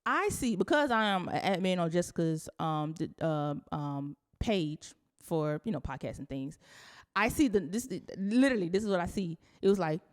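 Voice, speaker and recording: A woman co-host with a somewhat low voice for a woman, who talks emphatically and exclaims often. She speaks in a casual, conversational way while chatting with her co-host. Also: normal speed, hardly any pauses. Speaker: podcast co-host and page admin. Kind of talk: casual chat.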